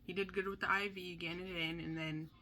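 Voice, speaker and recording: A woman's voice: on the low side, fairly quick, a little hiss or hum. A young woman telling a candid storytime about her son's hospital stay, talking chattily and acting out the people she quotes. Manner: chatty, animated, acts out quotes.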